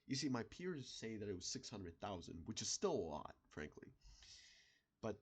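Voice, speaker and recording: A man in an unscripted solo monologue, rambling and halting, with many restarts, fillers and the odd swear word. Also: fairly low pitch, sing-song, husky. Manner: swears in passing. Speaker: video creator.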